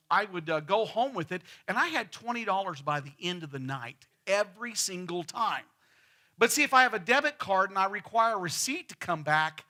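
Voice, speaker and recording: Male pastor, middle-aged, West Texas accent; folksy sermon storyteller with a high, bright voice. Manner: folksy storytelling, repeats words when starting. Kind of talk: sermon with a told joke. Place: church sanctuary.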